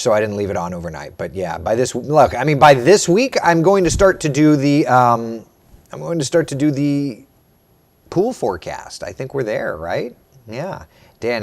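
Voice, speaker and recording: A meteorologist hosting a casual live morning chat, reading viewer comments aloud and answering them. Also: male voice, medium pitch. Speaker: meteorologist host.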